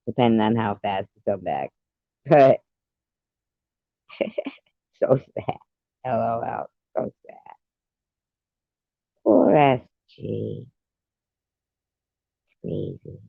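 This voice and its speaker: A woman's voice: extremely low pitch, lively intonation, slow pace, gravelly, long pauses, no room sound, phone-quality sound. A woman hosting a casual livestream, chatting with viewers and telling rambling jokes with frequent giggles. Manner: giggly, rambling joke-teller. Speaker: livestream host.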